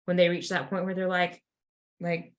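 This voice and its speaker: A woman's voice: on the low side, moderate pace. A woman co-hosting a casual faith podcast, telling a story with lots of fillers and little acted-out voices. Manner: animated storyteller, many "like" fillers. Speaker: podcast co-host.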